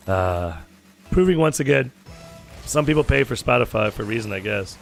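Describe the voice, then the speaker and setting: A young man with a hoarse, sore throat, chatting casually with viewers while streaming a game and swearing freely. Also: mid-range voice, lively intonation, moderate pace, soft background music. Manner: chatty, swears freely, calls people dude. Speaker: gaming streamer. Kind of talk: casual gaming chat with viewers. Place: home gaming setup.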